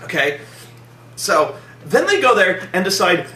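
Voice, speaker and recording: A loud, bright-voiced man tears into a movie with swearing and lively swings in pitch. He acts out scenes in silly voices. He sounds a little off mic in an echoey room. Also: a little slow, distant mic. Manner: profane, animated, acts out scenes in mock voices. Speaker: movie reviewer. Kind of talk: casual comedic movie review chat.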